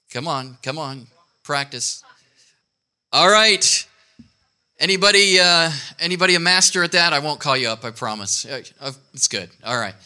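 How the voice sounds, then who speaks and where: Bright-voiced pastor, loose and joking. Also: male voice, on the high side, animated, normal speed, pauses often. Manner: loose, joking, full of fillers and restarts. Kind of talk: casual sermon to a congregation. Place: outdoor church service.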